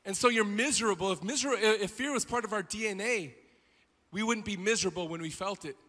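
High, bright-voiced pastor in a hall. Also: male voice, fairly quick. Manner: swings from quiet to shouting. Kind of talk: sermon. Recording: long hall reverb.

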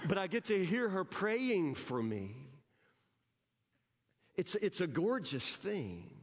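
A man's voice: sits high, big pitch swings, takes it slowly. A man preaching a sermon as pastor in a church, emphatic and conversational, often repeating words as he presses a point. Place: church sanctuary. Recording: long hall reverb.

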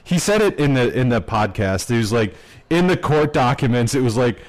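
A man's voice: mid-range voice, animated, brisk, poor audio. A man co-hosting a podcast, telling a story in a rambling, casual way with lots of fillers and swearing. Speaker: podcast co-host. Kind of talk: casual chat.

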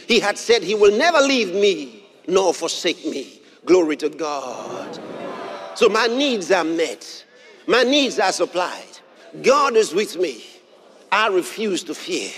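A man preaching a sermon, reading scripture aloud and repeating key phrases with emphasis, sometimes bursting into shouts. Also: high-pitched, breathy edge. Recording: long hall reverb.

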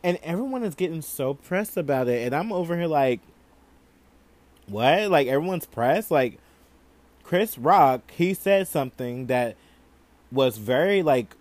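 Lively, campy young man gossiping. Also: mid-range voice. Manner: animated, campy, peppered with swearing and laughter. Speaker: podcast host. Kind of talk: casual gossip commentary.

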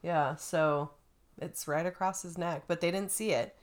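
A woman telling a story in a casual chat, animated and acting out the quotes. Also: lowish voice, measured pace.

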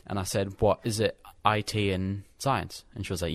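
A man's voice: on the low side, steady tone, normal speed, hardly any pauses, dry recording. A teenage boy chatting casually, telling a rambling story full of swearing. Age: teens. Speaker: co-host. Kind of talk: casual chat.

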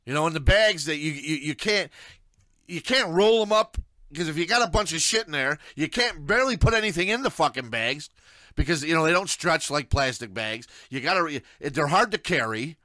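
A man's voice: a little high, pushed and bright, no echo. A middle-aged man, ranting angrily and with plenty of profanity on a solo recording. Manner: angry, profane, ranting with rising outbursts. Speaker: ranter.

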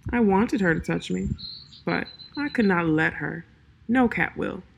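A woman's voice: fairly low pitch, creaky, a little hiss or hum. Woman doing a drowsy riddling tomcat. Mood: aloof, solemn. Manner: slow, soft, sleepy drawl. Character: drowsy riddling male cat, aloof and proud.

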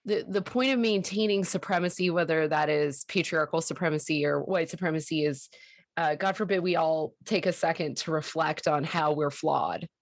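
A woman in her forties with a low voice, talking in an animated, sarcastic way. She often stumbles and restarts mid-thought. The sound is dry and close-miked. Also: normal speed, dry recording. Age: 40s. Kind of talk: casual podcast chat.

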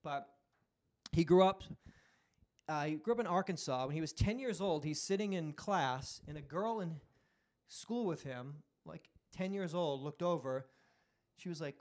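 A man in his forties chatting casually as a podcast host, telling animated stories, acting out loud quotes and swearing freely. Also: on the high side, measured pace. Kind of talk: casual chat.

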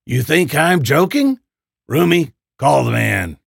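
A man voicing a cruel possessed old nun in a spoken horror story, with a flat robotic menace and slow, drawn-out threats. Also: fairly high pitch, vocal fry, slightly rough, no room sound, clean studio sound, exaggerated voice. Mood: menacing.

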